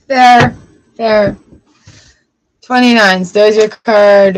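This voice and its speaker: A woman's voice: mid-range voice, measured pace, a little hiss or hum, low-quality recording. A young adult woman hosting a live tarot stream, chatting casually and telling funny stories with frequent laughter. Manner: animated storyteller, laughs often.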